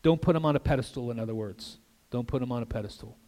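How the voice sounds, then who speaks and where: A man's voice: mid-range voice, fast. Older man preaching in a reverberant church. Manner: earnest preaching with asides and soft drops for emphasis. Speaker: guest pastor. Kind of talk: sermon. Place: church sanctuary. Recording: long reverb of a church hall.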